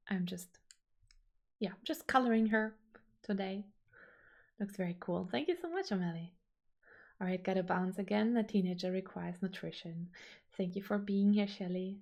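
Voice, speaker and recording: A woman's voice: medium pitch, a little slow, pauses often, dark tone. A young woman streaming her drawing, chatting casually and gushing as she reads chat aloud. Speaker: art streamer.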